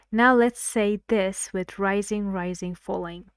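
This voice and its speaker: Slow, clear woman teaching pronunciation. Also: medium pitch, fairly even intonation, dry recording, clean studio sound. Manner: slow, clear, models example sentences aloud. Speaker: English teacher. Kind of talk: English pronunciation lesson.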